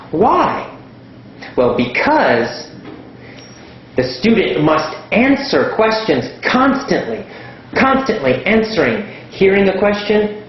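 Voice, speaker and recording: A man teaching an English lesson, speaking slowly and emphatically and repeating words for stress. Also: on the high side, heavy reverb, dull audio, a little hiss or hum.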